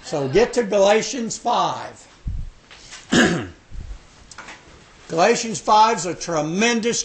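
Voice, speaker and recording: A man's voice: sits high, a bit bright, a little hiss or hum. An older man in his sixties leading a Bible study class, joking and emphatic as he asks questions. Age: 60s. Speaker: Sabbath school teacher.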